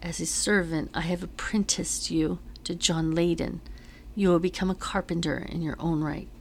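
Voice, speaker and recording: A woman reading the lines of a gravely wounded colonial captain in a weak, halting, low delivery. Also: fairly even intonation, slight background noise. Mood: weary, solemn.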